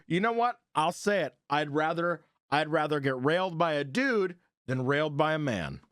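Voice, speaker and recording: A man with a high voice hosts a stream, reading posts aloud. He swears freely and bursts into loud, animated reactions. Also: normal speed, faint music behind. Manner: profane, animated, laughs a lot. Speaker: streamer host.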